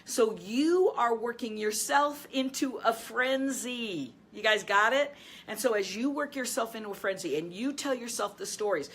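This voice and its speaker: Hosting a coaching video, a life and business coach with a husky voice teaches with energy at a moderate pace, laughing a lot and addressing viewers directly. Later she eases into a calm, low tone to lead a breathing exercise.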